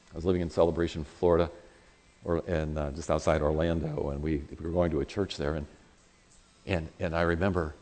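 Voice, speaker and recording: A man preaching a sermon, conversational and animated, telling a personal story and acting out quoted voices. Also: on the low side.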